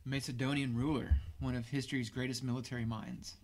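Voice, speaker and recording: A man's voice: mid-range voice, little pitch movement, brisk, slight background noise. A man co-hosting a podcast in casual chat, laid-back, with folksy exclamations. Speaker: podcast co-host.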